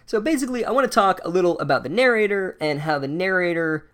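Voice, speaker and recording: A man's voice: high voice, lively intonation, fast, a bit bright. A man hosting a casual comedic book recap, speaking in a sarcastic, profane, rambling way. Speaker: podcast host recapping a book.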